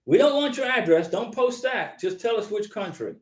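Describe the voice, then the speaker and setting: A man rambles his way through a live stream, repeating himself and calling viewers by name as he answers their comments. His voice sits fairly high for a man, and the room around him rings with echo. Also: lively intonation, moderate pace. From United States. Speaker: host of a live visa advice stream.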